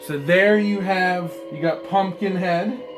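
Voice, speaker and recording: A man reviewing trading cards in a casual vlog, rambling and swearing, swinging between mumbled asides and excited outbursts. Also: high voice, slow pace, music in the background. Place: apartment room.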